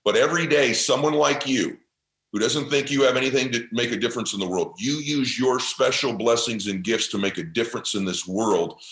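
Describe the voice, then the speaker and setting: A man's voice: medium pitch, brisk, fairly bright tone. A man guest on a podcast, telling a heartfelt motivational story with intensity and passion. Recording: roomy echo.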